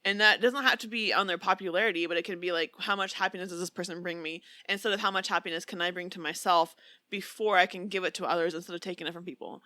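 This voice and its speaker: A woman's voice: on the low side, fairly even intonation, quick pace, pushed and bright, no room sound. A young woman co-hosting a podcast in casual chat, rambling with frequent fillers and laughing easily. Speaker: podcast co-host.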